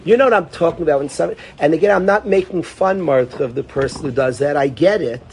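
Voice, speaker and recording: A man's voice: fairly high pitch, fast, slight background noise. A man teaching an informal Torah class, talking conversationally, repeating phrases and calling on students by name.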